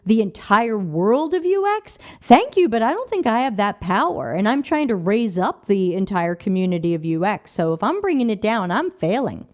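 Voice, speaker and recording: A woman's voice: mid-range voice, sing-song, moderate pace, hardly any pauses. A woman hosting a livestream, reading viewer comments aloud and answering them with emphatic rhetorical questions. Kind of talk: casual livestream talk.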